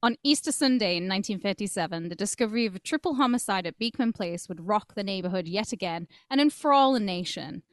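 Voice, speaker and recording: A woman co-hosting a true-crime podcast talks in an easy, joking way as she reads quotes aloud. Her pitch sits in the middle for a woman. The sound is dry and close, with no room echo. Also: expressive, fast, few pauses. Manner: chatty, jokey storyteller, reads quotes aloud. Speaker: podcast co-host.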